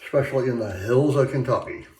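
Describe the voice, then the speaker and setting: A Michigan man who vlogs about shaving chats casually and rambles, his mid-range, warm voice moving fast and full of fillers and restarts. The echoey bathroom carries a faint sound of running tap water.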